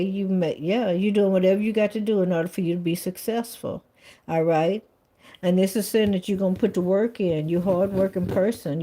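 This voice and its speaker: A woman's voice: medium pitch, dark tone, a little hiss or hum. A woman giving a live-stream tarot reading in a casual, blunt way, swearing freely and saying "all right" and "okay" over and over. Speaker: tarot reader.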